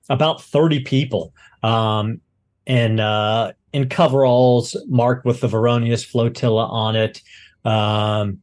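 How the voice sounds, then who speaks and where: A man running a tabletop game as game master, narrating loosely with many fillers. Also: medium pitch.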